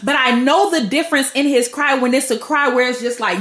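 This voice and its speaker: A podcast host gives a casual, slangy devotional teaching told like a story. Her voice is high-pitched, a bit bright, and fairly quick with few pauses, and the recording has a roomy echo.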